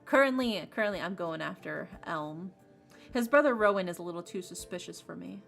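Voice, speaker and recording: A woman's voice: fairly low pitch, lively intonation, brisk, vocal fry, a bit bright, faint music behind. A woman streaming a game, chatting casually and rambling with lots of fillers. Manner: bubbly, rambling with many fillers. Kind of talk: casual livestream chat.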